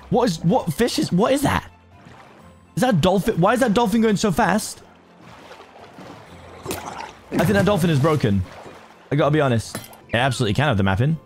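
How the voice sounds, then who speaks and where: An excitable man keeps up a casual running commentary as he plays a video game, chatting to his viewers and talking himself through each move. His voice sits at an ordinary mid pitch and jumps up in sudden exclamations, recorded at home on a desktop mic with soft music underneath. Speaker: gaming YouTuber. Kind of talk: casual Minecraft let's play commentary.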